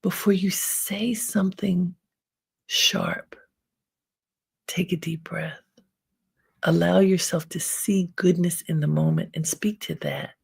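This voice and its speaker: A woman hosting an inspirational self-help talk, giving calm, unhurried advice with frequent pauses. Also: fairly low pitch, creaky, husky. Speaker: host.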